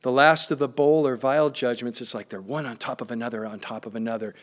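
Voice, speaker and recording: A man's voice: fairly even intonation, brisk. A middle-aged man preaching a sermon who reads verses aloud and explains them in homely asides. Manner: acts out quoted people with swings in pitch. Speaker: pastor.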